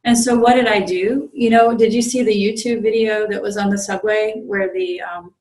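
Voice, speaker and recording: A woman priest telling a story in a relaxed dharma talk, with frequent fillers and restarts. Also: medium pitch, moderate pace. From United States. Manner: conversational, many fillers and restarts. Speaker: visiting Zen priest giving a dharma talk. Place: meditation group room. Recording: roomy echo.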